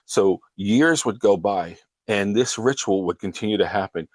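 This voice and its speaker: Man, show host, low voice, dry close sound, earnest storytelling, recounting a client's story. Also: moderate pace, dry recording. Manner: earnest storytelling, frequently breaking into quoted dialogue.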